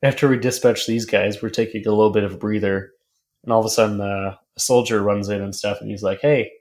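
A man's voice: fairly low pitch, fairly even intonation, quick pace, darkish tone. A man co-hosting a podcast in casual chat, recapping loosely with fillers and casual swearing. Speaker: podcast co-host.

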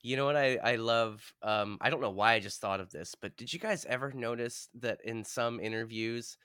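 A man in casual podcast chat, excitable and jokey, jumping between loud bursts and hushed asides. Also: mid-range voice, normal speed, clear, resonant tone, dry recording, studio quality. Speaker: podcast panelist.

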